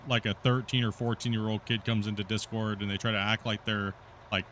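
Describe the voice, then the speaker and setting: A man's voice: fairly low pitch, flat delivery, fairly quick, a bit bright, slight background noise. A man hosting a gaming stream, chatting casually over voice chat and laughing often. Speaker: stream host.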